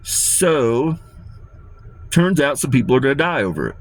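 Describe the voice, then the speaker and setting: A man's voice: medium pitch, big pitch swings, unhurried. A man delivering a rambling, profane and menacing rant to his viewers, often repeating himself. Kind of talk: ranting monologue to camera.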